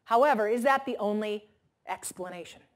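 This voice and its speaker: A woman's voice: medium pitch, moderate pace. A woman motivational speaker telling stories to an audience, acting out the voices of the people in them. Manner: animated storytelling, acts out quoted voices. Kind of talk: keynote talk to an audience.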